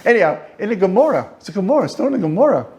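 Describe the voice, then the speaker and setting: Animated, joking rabbi teaching a class. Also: male voice, high-pitched, racing. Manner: animated, joking storyteller with asides. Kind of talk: informal lecture. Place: study hall.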